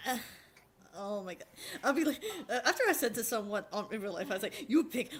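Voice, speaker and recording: A woman's voice: mid-range voice, lively intonation, fast. A woman hosting a casual chat on a call, laughing a lot and playfully repeating catchphrases. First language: English, with Spanish as a second language. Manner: giggly, lots of laughing and playful quoting. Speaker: host.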